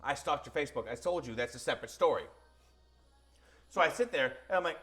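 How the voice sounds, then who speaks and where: A man co-hosting a podcast, telling a long anecdote in a casual, animated way and acting out the quotes. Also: medium pitch, fast talker, long pauses, soft background music. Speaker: podcast co-host. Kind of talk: casual storytelling.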